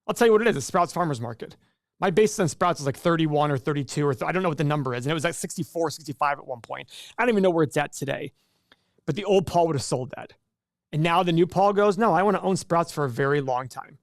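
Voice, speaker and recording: A man hosting a casual live stream, talking in a loose, joking way and often stopping to restart a sentence. His voice sits a little high. The sound is dry and close, with almost no room echo. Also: fast, creaky. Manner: chatty, jokey, self-interrupting. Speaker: livestream host. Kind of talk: casual livestream chat.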